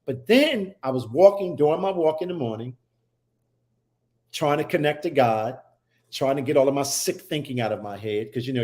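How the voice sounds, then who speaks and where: A man's voice: medium pitch, a little mellow. A man who is a guest on a talk show, telling a personal story with emphasis and many restarts. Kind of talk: personal storytelling in casual chat.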